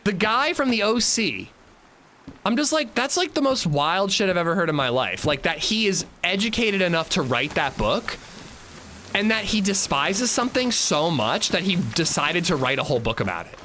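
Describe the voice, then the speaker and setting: Lively, bright-voiced male streamer. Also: high-pitched, normal speed, slight background noise. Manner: animated, profane storytelling; chats with viewers while playing. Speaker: livestream host. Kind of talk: casual livestream chat.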